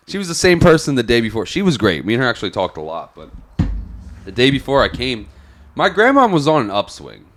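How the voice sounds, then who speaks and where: A man's voice: medium pitch, wildly swooping pitch, fairly quick, a bit bright. A young man on a podcast, telling a long personal story in a rambling, profane, casual way. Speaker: podcast co-host.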